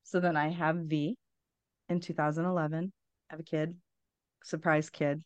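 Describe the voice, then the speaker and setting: A woman in her forties tells her own story with blunt candor and dry humor, cursing freely. Her voice sits low, and the sound is close and dry. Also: level tone, moderate pace, dry recording, muffled recording. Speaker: podcast guest. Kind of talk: candid personal storytelling.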